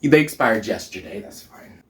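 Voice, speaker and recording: Very animated and lowish-voiced, a drag queen host cooks at home and talks at a moderate pace, casual, sassy, and quick to laugh. The mic is distant, picking him up off-mic in an echoey kitchen.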